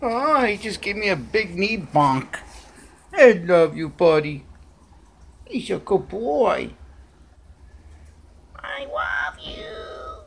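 A man's voice: sits high, expressive, slow, gravelly, pauses often, slightly rough. A man chatting to his pet cats at home by a window, cooing baby talk at them. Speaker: cat owner filming his pets. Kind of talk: casual chat to his cats.

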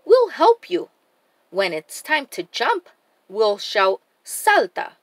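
A woman's voice: fairly high pitch, huge pitch swings, slow, dry recording, full character voice. A woman voicing a cheerful, encouraging young girl explorer in a storybook read-aloud. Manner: bright and encouraging, exclaims.

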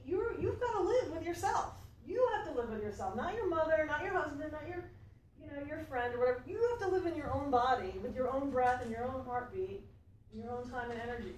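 A woman's voice: high voice, a little mellow. A woman life coach giving a casual, earnest motivational talk to a small audience, with frequent fillers and asides. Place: library event room. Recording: echoey room recorded from far off, faint background hum.

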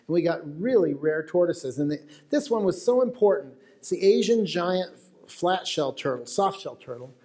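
American guy giving a talk, slightly high voice, chatty storyteller tossing questions at the crowd. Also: expressive, moderate pace, a little mellow. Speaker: wildlife photographer giving a talk. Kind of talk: lecture to an audience. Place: auditorium with live audience.

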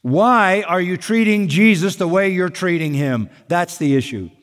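A man's voice: high voice, a bit bright. Emphatic preaching man in a reverberant hall. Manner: emphatic preaching, slows down for weight. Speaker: pastor. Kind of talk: sermon.

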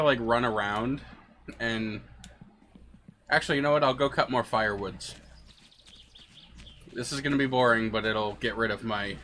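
A man's voice: mid-range voice, pushed and bright, slight background noise. A man streaming a game, giving rambling, jokey commentary and often laughing at his own jokes. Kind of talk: casual gameplay commentary.

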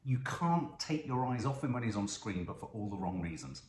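A man's voice: lowish voice, sing-song, brisk, a little hiss or hum. A man hosting a casual film reaction chat, chatty, enthusiastic and jokey. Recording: echoey room.

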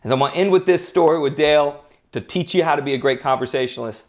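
A man's voice: on the high side, quick pace. A man hosting a podcast who gives an earnest, emphatic motivational talk and tells anecdotes. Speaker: podcast host.

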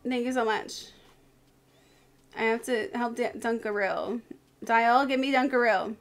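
A woman's voice: a little high, unhurried. A tired woman streamer giving live commentary on her game, chatting to her characters as she plays.

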